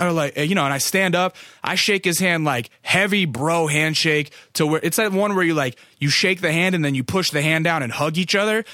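A man's voice: a little high, a little fast, few pauses, pushed and bright, no room sound, studio quality. A young adult man, a photographer, telling a rambling, profane story full of "like" fillers. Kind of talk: casual storytelling.

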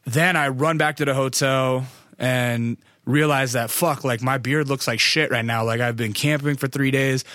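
A man's voice: mid-range voice, steady tone, moderate pace, sharp tone, dry recording. A young adult man, a photographer, telling a rambling, profane story full of "like" fillers. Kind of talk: casual storytelling.

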